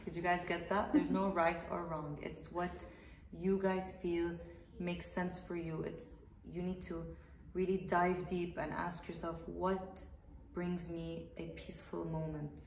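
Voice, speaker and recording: A woman hosts a relaxed interview in a low-pitched voice, summing up advice and thanking her guest at length. She sits a distance from the mic in an echoey room at home. Faint noise runs underneath. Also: unhurried, few pauses. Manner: warm, effusive thanks and recaps. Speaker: host. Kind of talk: casual interview.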